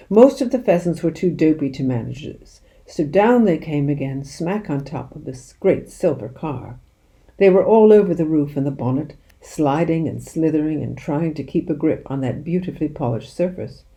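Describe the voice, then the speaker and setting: Expressive woman reading a children's book. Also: deep voice. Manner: expressive, storytelling. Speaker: reader.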